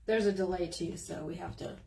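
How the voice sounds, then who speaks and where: A woman's voice: lowish voice, fairly even intonation, fairly quick, creaky, warm tone, slight background noise. A woman with a Southern US accent chatting casually on a livestream, teasing and drawling as she tosses out folksy sayings. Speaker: livestream host.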